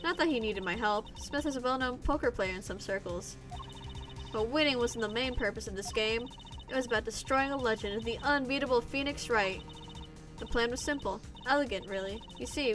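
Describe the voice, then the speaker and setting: A woman's voice: on the high side, fairly quick, over music, lightly acted. A woman voicing a sly female card dealer on the witness stand, speaking in a put-on Russian accent with a smug, evasive manner. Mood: scheming.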